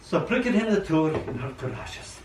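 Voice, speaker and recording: An older man reading his poems at an open mic, chatty and animated, acting out the voices in his stories. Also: on the high side, fairly quick. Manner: chatty, animated storyteller who acts out quotes. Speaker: poet. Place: old library room. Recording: echoey room, mic far off, faint hum.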